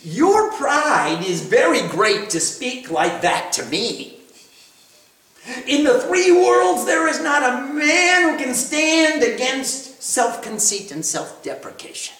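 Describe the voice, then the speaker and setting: A teacher acting out a pompous male ambassador of demons who blusters and mock-shouts his threats. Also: high-pitched, very animated, slow, full character voice. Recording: roomy, from a distance.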